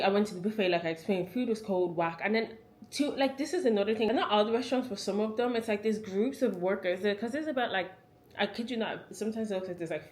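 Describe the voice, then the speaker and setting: A woman in her twenties with an Irish accent, telling a chatty travel story to camera, full of "like" fillers. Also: medium pitch. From Ireland. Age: 20s. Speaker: travel vlogger.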